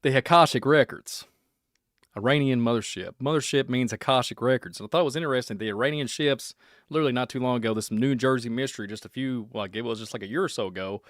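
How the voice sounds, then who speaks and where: Kentucky man hosting a livestream, mid-pitched, wanders and jokes, close dry sound. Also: fast talker, a bit bright, dry recording. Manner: rambling, speculative and joking. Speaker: podcast host. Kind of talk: casual livestream chat.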